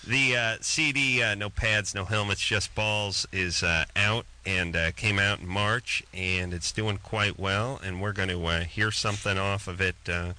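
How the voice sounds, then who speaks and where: A man's voice: on the low side, fairly even intonation, unhurried, hardly any pauses, bright, forceful tone. A man hosting a late-night radio call-in show, talking in a wisecracking, sarcastic and crude way. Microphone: studio microphone.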